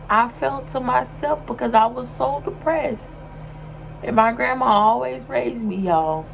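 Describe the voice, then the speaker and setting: A woman's voice: fairly high pitch, a little slow, vocal fry, a little hiss or hum, rough recording. A young woman talking casually to her vlog audience in an emotional, sometimes tearful way, with many fillers. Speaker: vlogger.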